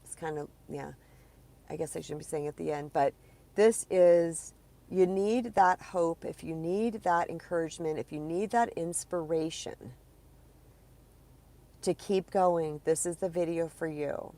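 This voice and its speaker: A woman with a low voice talks as a spiritual coach. She is earnest and encouraging. Her tone stays conversational, as if chatting with viewers of a live stream. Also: fairly even intonation, measured pace, dark tone. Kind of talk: live-streamed motivational talk.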